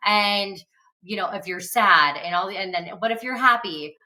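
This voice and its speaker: A woman's voice: mid-range voice, moderate pace, sharp tone, far from the mic, poor audio. A woman co-hosting a casual motivational chat in an upbeat, encouraging way. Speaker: co-host.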